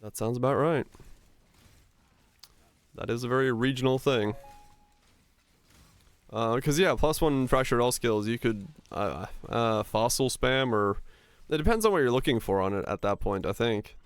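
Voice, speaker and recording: A man with a neutral American broadcaster-like accent, livestreaming and chatting casually in a relaxed, rambling way. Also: medium pitch, unhurried, long pauses, clean tone, dry recording. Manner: relaxed, rambling, many fillers. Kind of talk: casual chat while gaming.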